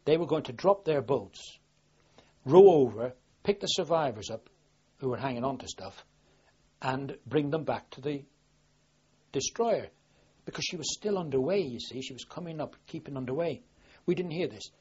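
An older man from southwest England tells his story in a rambling, plain-spoken way, often restarting his sentences. His voice is very husky and rough, at an ordinary middle pitch. The sound is dull and muffled, like an old archive recording. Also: lively intonation, normal speed, pauses often, mellow. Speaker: war veteran interviewee. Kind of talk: oral history recollection.

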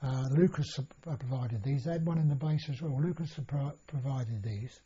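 A man's voice: mid-range voice, moderate pace, dark tone, husky. An older man recalling his past in an oral history interview, rambling with many restarts and fillers. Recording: dull lo-fi recording.

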